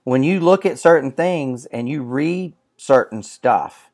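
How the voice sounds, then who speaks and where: A man co-hosting a casual talk show, speaking earnestly and haltingly, often restarting his sentences. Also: medium pitch, animated, darkish tone. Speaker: co-host. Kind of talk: casual chat.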